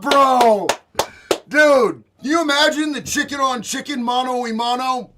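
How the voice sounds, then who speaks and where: High bright streamer dude, slow drawn-out talk, swears a lot and yells gleefully. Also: male voice, a little hiss or hum. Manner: profane, gleeful, often shouting. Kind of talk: live-stream reaction commentary.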